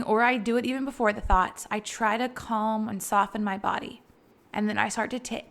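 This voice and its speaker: A woman yoga teacher giving a casual, chatty lesson on calming breathing and laughing now and then. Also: fairly high pitch. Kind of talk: casual instructional talk.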